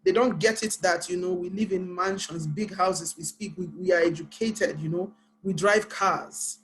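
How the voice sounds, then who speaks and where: A woman's voice: on the low side, low-quality recording. Earnest Nigerian woman author. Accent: Nigerian English. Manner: earnest, deliberately paced speech. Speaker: panel guest, author. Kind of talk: personal storytelling on a panel.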